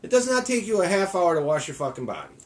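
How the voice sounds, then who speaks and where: A man's voice: high voice, sing-song, quick pace. Crude, teasing man co-hosting a podcast. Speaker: podcast co-host. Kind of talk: casual comedic banter.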